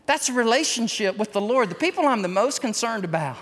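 A man preaching a sermon, acting out voices of sinners and then pleading softly in prayer during the invitation. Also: sits high, animated, brisk, hardly any pauses, breathy edge. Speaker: pastor. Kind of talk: sermon with altar call. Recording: church hall reverb.

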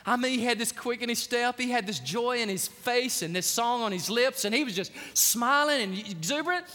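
A man preaching a sermon as the pastor, telling stories with energetic, emphatic swings in loudness. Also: extremely high pitch, normal speed, few pauses. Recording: long hall reverb.

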